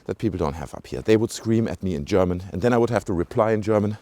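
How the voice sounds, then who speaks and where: An animated British-sounding man with a fairly low, warm voice speaks quickly while vlogging on foot through a small village. He addresses viewers casually, rambling with frequent asides and fillers. His handheld camera mic picks him up with no echo.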